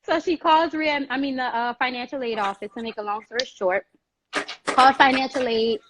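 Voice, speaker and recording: Animated woman telling a story, higher voice. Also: moderate pace, noisy background. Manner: animated, acts out other people's voices in quotes. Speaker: guest on talk show. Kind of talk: casual storytelling.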